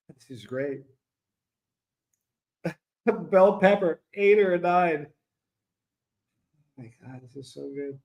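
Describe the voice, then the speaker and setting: A man with a high, light voice chats through a live stream, reading viewer comments aloud. He breaks into laughter again and again and sounds delighted by the jokes. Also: slow pace, long pauses, darkish tone. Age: 50s. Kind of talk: casual live-stream chat.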